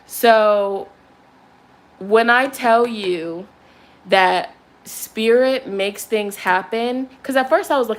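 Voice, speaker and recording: Speaking slowly in a slightly high voice, a young woman who reads tarot tells a profanity-filled story. She's chatty and animated, and a candle ritual follows.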